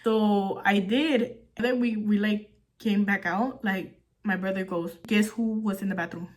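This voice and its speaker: A woman's voice: medium pitch, steady tone, a little slow. A young woman vlogging, telling a story while doing her makeup, chatty and full of fillers, swearing casually.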